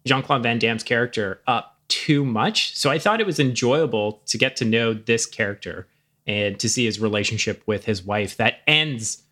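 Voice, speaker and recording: A man's voice: mid-range voice, normal speed, pushed and bright. A man co-hosting a casual movie review chat, laid-back and rambling. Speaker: podcast co-host.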